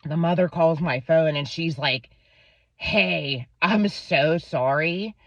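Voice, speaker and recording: Speaking slowly in a deep voice, a thirtysomething woman from Pennsylvania retells a profane anecdote about her child, doing voices for everyone in it. It's a dull, dry lo-fi recording without any room sound.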